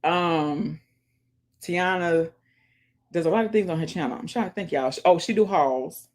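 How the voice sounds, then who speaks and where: A woman with a voice on the low side speaks at a moderate pace, hosting her vlog channel in casual, emphatic chat. Music plays in her earphones as she shouts people out and keeps saying "y'all." She becomes preachy, calling on viewers to pray and support others.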